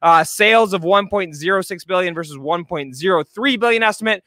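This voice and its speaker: A man's voice: sits high, fairly quick, sharp tone, no echo, studio quality. A man hosting a casual live stream about stocks, chatty and joking, with lots of fillers and repeated words. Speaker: show host, stock commentator. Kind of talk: casual live market commentary.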